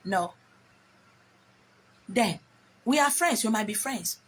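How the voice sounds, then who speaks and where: Nigerian woman ranting straight to camera, bossy and blunt, middle-aged, voice sits a little high. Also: expressive, takes it slowly, a bit bright, slight background noise. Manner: blunt, scolding, mixes in pidgin. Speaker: vlogger. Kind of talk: talking to camera, advice rant.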